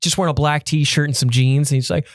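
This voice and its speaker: A young man co-hosting a podcast, chatting casually and telling animated stories with quick asides. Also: on the high side, no room sound, clean studio sound. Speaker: podcast co-host. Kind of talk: casual chat. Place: podcast studio.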